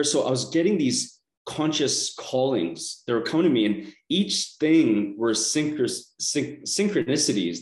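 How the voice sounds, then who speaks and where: A man's voice: mid-range voice, roomy sound. A man telling his personal story as a self-help coach, earnest and rambling, often restarting his sentences.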